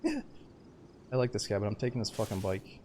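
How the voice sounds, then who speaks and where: A male game streamer with a fairly low voice, riffing loosely through live gameplay commentary. He swears freely, jokes around and gets loud and excitable when the action picks up. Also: moderate pace, background noise. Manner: excitable, profane, joking banter.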